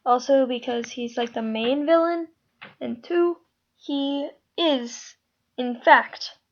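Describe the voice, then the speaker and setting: A woman's voice: high-pitched, slow pace. A woman explaining a casting call to her viewers in a casual, rambling way, full of ums and trailing asides. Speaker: creator running a casting call. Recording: dull lo-fi home mic.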